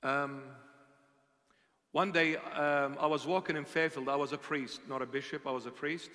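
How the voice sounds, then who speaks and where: High, bright-voiced preaching bishop. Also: male voice, steady tone, normal speed, in a large hall. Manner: intense, repeats phrases for emphasis. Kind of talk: sermon storytelling. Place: church.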